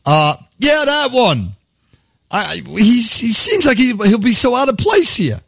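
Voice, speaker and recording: A man's voice: very high-pitched, big pitch swings, measured pace, creaky, fairly bright tone, breathy edge, dry recording, studio quality, full character voice. A man voicing God as a chummy, profane deity with a Brooklyn accent, chatting on the phone. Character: God, brash fast-talking deity on the phone.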